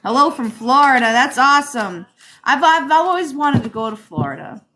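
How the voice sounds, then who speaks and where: A woman with a Rhode Island accent hosting a live stream as a psychic reader. She chats with viewers, calls them darling, and fills pauses with ums. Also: high voice, expressive, bright, forceful tone. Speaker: psychic reader and livestream host. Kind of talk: live-stream chat and card reading.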